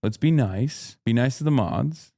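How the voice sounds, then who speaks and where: A man's voice: medium pitch, animated, unhurried, creaky, dark tone, no echo, clean studio sound. A man in his thirties chatting casually on a livestream, blunt and profane, ranting at his chat. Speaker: streamer.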